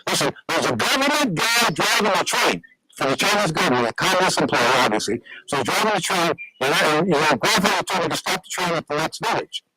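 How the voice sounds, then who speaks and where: A man's voice: fairly high pitch, lively intonation, quick pace, noisy background. A man telling long stories as a guest on a radio talk show, rambling with many restarts.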